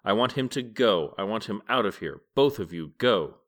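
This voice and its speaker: A man voicing an angry old male god who shouts and is close to tears. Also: on the low side, animated, normal speed. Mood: furious. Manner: shouting, raised voice.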